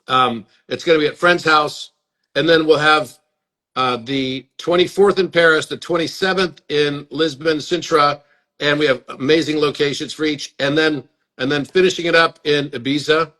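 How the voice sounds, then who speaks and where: A man's voice: a little high, a bit bright. A man hosting a live stream chat, earnest and inviting, often repeating words as he talks. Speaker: host. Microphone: phone or webcam on a live stream.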